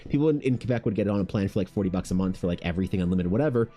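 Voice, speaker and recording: A man's voice: low-pitched, lively intonation, very fast, warm tone, soft background music. A man who streams art and chats casually, rambling with lots of "like" and swearing. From Canada. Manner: rambling, heavy "like" filler, profane.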